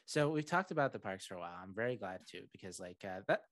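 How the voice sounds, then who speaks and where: Podcast host guy, lowish voice, rambly with lots of likes, dry close mic. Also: expressive, quick pace, a bit bright, no room sound. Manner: rambling, many fillers and restarts. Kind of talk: casual podcast chat.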